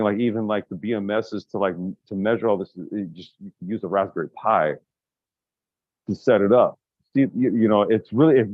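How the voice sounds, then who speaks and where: Brainstorming out loud as a podcast co-host, this man talks casually and rambles, restarting often and cursing. His lowish voice comes through with phone-quality sound and no room echo.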